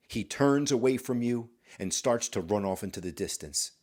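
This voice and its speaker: A man's voice: medium pitch, animated, normal speed, hardly any pauses, a little mellow. A man hosting a podcast, telling a story in a scripted, dramatic way and talking straight to the listener. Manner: dramatic, addresses the listener directly. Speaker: podcast host.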